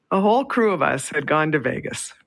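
A Canadian woman with a low, gravelly voice hosts a call-in radio show. Chatty, she tells a story and laughs often between phrases.

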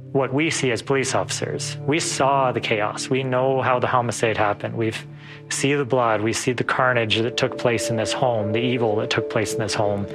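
A man, a police officer, giving a measured, earnest explanation in a documentary interview. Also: mid-range voice.

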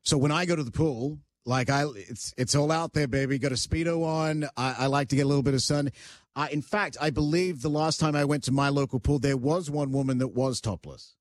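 A man's voice: medium pitch, brisk, no room sound, clean studio sound. Emphatic male radio host. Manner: emphatic, argumentative, self-joking. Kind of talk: radio talk show banter.

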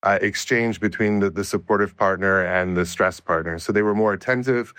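A man answering interview questions as a researcher, explaining his study in a measured way with frequent restarts. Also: deep voice, a bit bright, smooth, dry recording. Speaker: researcher guest.

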